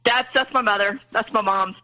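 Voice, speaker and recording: A woman's voice: medium pitch, normal speed, pushed and bright, rough recording. A woman guest telling a personal family story in an interview, hesitant, with many fillers and restarts.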